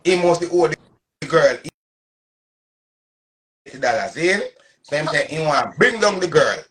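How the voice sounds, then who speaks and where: A man in his thirties with a Jamaican Patois accent rants on a casual live stream, emphatic, repetitive, and boastful. His voice is on the high side, sing-song, husky, a bit bright, and a little slow.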